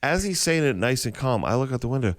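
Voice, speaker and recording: A man co-hosting a morning radio show, telling stories in casual banter and putting on calm pilot voices. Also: mid-range voice, quick pace, dry recording, clean studio sound. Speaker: radio co-host. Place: radio studio. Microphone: studio mic.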